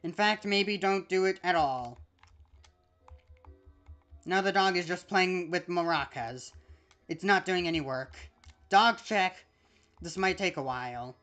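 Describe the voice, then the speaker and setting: A woman's voice: on the low side, measured pace, pauses often, a bit bright, faint music behind. A woman streaming a video game, reading the on-screen text aloud in a casual, chatty way with small asides.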